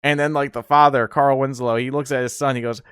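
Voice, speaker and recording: A man's voice: mid-range voice, fairly even intonation, brisk, fairly bright tone, smooth, dry recording, studio quality. A man hosting a podcast, rambling in casual chat with frequent laughs and fillers. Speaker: podcast host.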